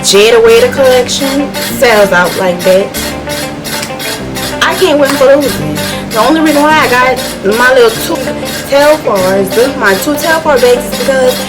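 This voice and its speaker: A woman's voice: high voice, normal speed, over loud music, poor audio. A woman vlogger speaking straight to camera in a theatrical, exasperated comic rant, repeating herself for effect. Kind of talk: dramatic comedic rant to camera.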